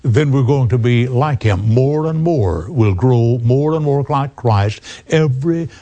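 A man's voice: mid-range voice, animated, measured pace, dark tone. A man preaching a radio sermon, emphatic, addressing the listener as friend.

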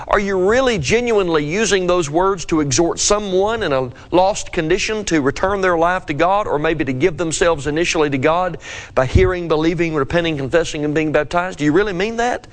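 A man preaching a devotional scripture lesson, asking his listeners earnest questions. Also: a little high.

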